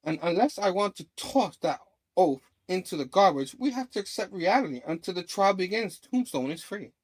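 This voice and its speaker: A man's voice: sits high, animated, moderate pace, a little mellow, pitched above the performer's own voice, low-quality recording. A man reading a city mayor's lines in a formal, dutiful tone.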